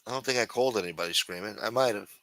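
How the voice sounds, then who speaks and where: A man's voice: fairly low pitch, rapid-fire, a bit bright, no room sound. A man hosting a casual livestream show, rambling and teasing with plenty of profanity. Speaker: show host.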